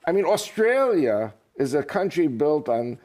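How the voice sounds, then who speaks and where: A man talking as an interview guest, an author and politician, telling jokes in an animated way. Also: fairly high pitch, a little slow. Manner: animated, joking storyteller. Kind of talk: casual interview talk.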